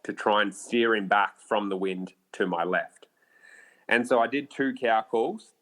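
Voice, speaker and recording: Australian man, low-pitched voice, casual swearing, many fillers, animated storytelling. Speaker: podcast guest, bowhunter. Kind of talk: storytelling in a podcast interview.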